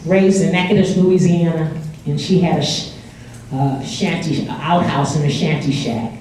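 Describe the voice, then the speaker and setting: A woman's voice: deep voice, steady tone, moderate pace, mellow, a little hiss or hum. An older woman from California telling a personal story at a live event, chatty and laughing, acting out the quotes. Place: indoor event hall with audience. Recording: echoey hall, far from mic.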